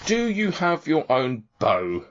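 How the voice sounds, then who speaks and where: A man's voice: on the high side, wildly swooping pitch, slow, a little hiss or hum, pitched above the performer's own voice, exaggerated voice. A man voicing a stern, impatient female tiefling who runs an archery contest, curt and officious. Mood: brisk. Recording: dull lo-fi audio.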